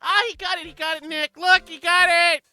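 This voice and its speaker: A man doing a squealing excitable young girl. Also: very high voice, extremely slow, gravelly, faint music behind, pitched above the performer's own voice, heavily acted. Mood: excited.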